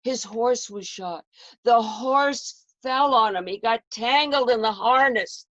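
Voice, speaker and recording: In a first-person historical portrayal, a woman recounts a story with dramatic, emotional delivery. Her voice is fairly high and bright, and she takes her time. The dull lo-fi recording has no room sound.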